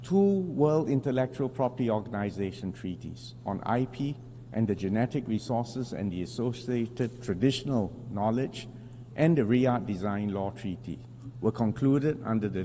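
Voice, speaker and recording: A man, a foreign minister, delivers a formal speech at an international assembly in a measured, deliberate way, pausing for emphasis and correcting small slips. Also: lowish voice, dark tone. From Singapore. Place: large assembly hall. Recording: long hall reverb with faint hum.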